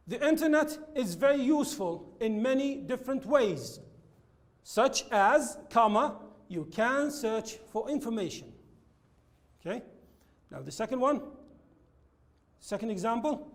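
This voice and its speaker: A man teaching an English lesson, explaining linking words slowly and repeating his examples. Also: extremely high pitch, lively intonation. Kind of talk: classroom lesson with slides.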